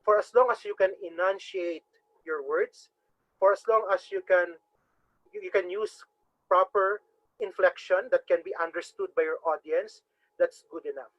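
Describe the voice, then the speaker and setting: Speaking at normal speed in a high, fairly bright voice, this Cebuano lecturer with a strong Visayan Filipino accent earnestly teaches public speaking over a webinar. He tends to repeat words while thinking, and the lo-fi webinar audio is dry and dull with no echo.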